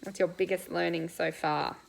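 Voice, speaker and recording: A woman with a fairly low voice, vocal fry and fairly even intonation hosts a live question-and-answer stream from a coach seat while eating breakfast. She's bubbly and chatty, with quick laughs and rambling replies. The recording is rough.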